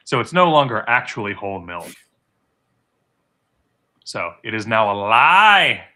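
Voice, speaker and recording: A man's voice: fairly low pitch, sing-song, measured pace, bright, forceful tone. A man co-hosting a livestream, chatting casually with sardonic jokes and mock rants. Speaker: livestream co-host. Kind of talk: casual chat.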